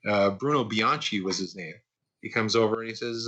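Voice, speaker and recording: A man in his sixties, a guest animation artist, relaxes into career anecdotes during a podcast interview, peppering his speech with "uh" and repeats. His voice is on the low side and fairly quick, and the recording sounds muffled.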